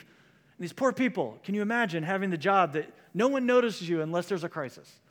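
A man's voice: high-pitched, expressive, a little fast. A man preaching a sermon as pastor, in a conversational style that moves into quoted voices. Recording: long hall reverb.

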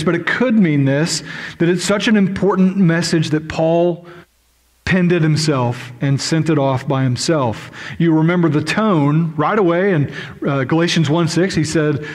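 A middle-aged man preaching a sermon in a conversational, unscripted way, with fillers and restarts. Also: fairly high pitch. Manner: conversational, with fillers and self-corrections. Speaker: pastor.

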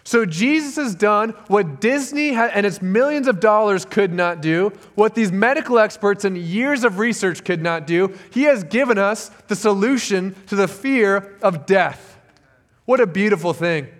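A man's voice: sits high, animated, normal speed. A man preaching a sermon as pastor, earnest and emphatic, often repeating key phrases for weight.

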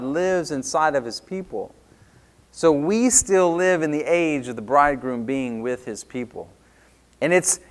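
A man's voice: on the high side, fairly bright tone. Earnest man preaching a sermon. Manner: earnest, emphatic preaching with frequent restarts. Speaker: pastor.

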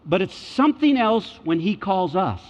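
Male pastor, high voice, emphatic sermon delivery, dull, reverberant recording. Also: sing-song, normal speed. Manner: emphatic, repeats key phrases, swings between loud and hushed. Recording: dull sound with long hall reverb.

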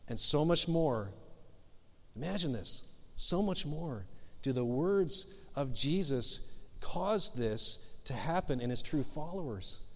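A man in his forties preaches a sermon in a casual, self-mocking way and builds to earnest urging. His voice sits a little high. The sound carries a long reverb, as if recorded in a large church hall. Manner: conversational, self-deprecating, rises to emphatic exhortation. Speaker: pastor.

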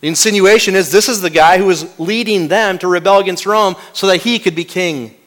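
A man preaching a sermon as pastor, dramatic, dropping from loud to hushed and asking the congregation rhetorical questions. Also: sits high, fairly quick.

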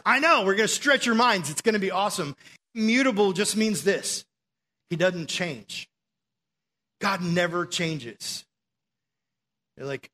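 A young male preacher delivers a sermon with a high voice and a lively, conversational punch. He talks to the room casually, then leans hard into key phrases for emphasis. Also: unhurried, long pauses.

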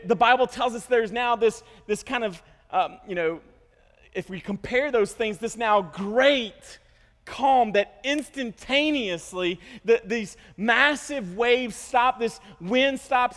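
A male pastor preaching a sermon, with animated storytelling, self-interruptions and joking asides. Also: sits high. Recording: long hall reverb.

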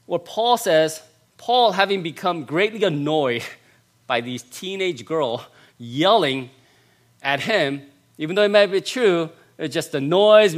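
Man, pastor, sermon, emphatic repetition, fairly high-pitched voice, loud then hushed. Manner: emphatic, repeats phrases for stress; dramatic swings from loud to hushed.

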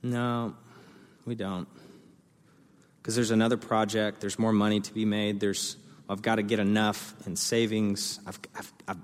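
A young man preaching a sermon as a pastor, telling a story with lively energy and acting out the voices of the people in it. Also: fairly low pitch, measured pace. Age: young adult. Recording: long hall reverb.

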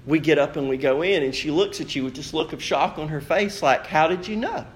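Young male pastor, lively storytelling sermon, voice a bit on the high side. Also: a little fast, slight background noise. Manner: storytelling, animated, acts out quotes.

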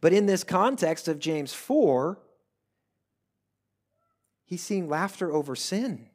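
A male pastor preaching a sermon earnestly, swelling loud at times and dropping to hushed pleas. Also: fairly high pitch, animated, slow.

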